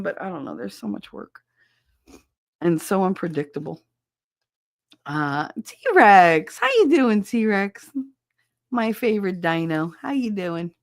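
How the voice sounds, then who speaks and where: A middle-aged woman hosting a livestream podcast, chatting casually with viewers and telling animated stories with frequent swearing. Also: mid-range voice, gravelly. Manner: animated storyteller who swears freely.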